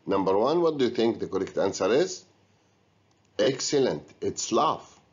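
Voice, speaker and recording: A man's voice: on the low side, sing-song, normal speed. A man teaching an English lesson, giving patient step-by-step instructions to students. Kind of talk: recorded classroom lesson. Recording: dull lo-fi recording.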